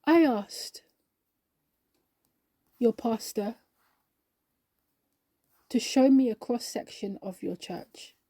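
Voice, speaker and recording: A mysterious stranger speaks calmly and deliberately, every word weighed, as a woman reads him aloud. The voice is low-key and mellow, recorded close and dry. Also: no room sound, heavily acted. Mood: grave. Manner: calm, grave, deliberate. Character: calm, mysterious male stranger. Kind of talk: storybook character voice.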